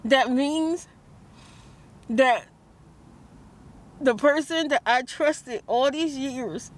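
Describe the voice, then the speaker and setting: A high-pitched woman speaks extremely slowly as she vlogs beside a car about her stressful morning. It's an emotional monologue in which she prays aloud and keeps restarting her sentences.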